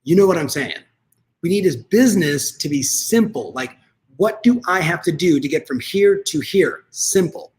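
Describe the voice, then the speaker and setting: A man coaching real estate agents in an energetic, conversational motivational talk, speaking straight to his audience. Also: on the high side, moderate pace.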